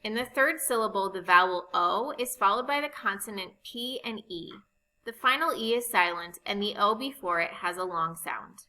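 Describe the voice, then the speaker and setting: A woman teaching a recorded phonics lesson, explaining spelling rules slowly and patiently. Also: medium pitch, animated, sharp tone, low-quality recording. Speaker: reading teacher.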